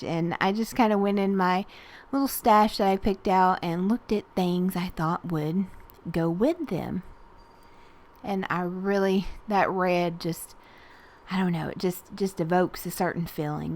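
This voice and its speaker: A woman's voice: lowish voice, a little slow. Chatty Southern woman narrating crafts. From Tennessee. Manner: chatty and rambling, frequent soft laughs and fillers. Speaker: art journaling YouTuber. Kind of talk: casual voice-over narration while crafting.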